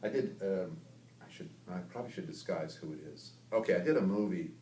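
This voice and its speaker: A man from the American South, chatty and laughing as he tells anecdotes in a lowish voice. The sound is roomy and from a distant mic with faint ambience. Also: a little fast, mellow, a little hiss or hum. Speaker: voice actor. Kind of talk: casual interview.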